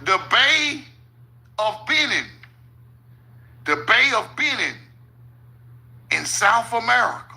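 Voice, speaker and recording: A man with a very high, bright voice and plenty of gravelly fry gives loose, profane commentary over maps. He talks slowly, his pitch swinging widely as he keeps stopping to say "hold on" and laughing at his own points. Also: very animated, low-quality recording. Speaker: channel host.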